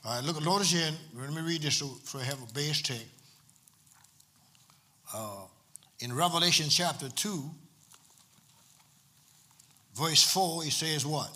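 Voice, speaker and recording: Male preacher, fairly high bright voice, keeps repeating lines to drive them home, church sermon. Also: a little slow, pauses often. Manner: call-and-response preaching, repeats phrases for emphasis. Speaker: pastor.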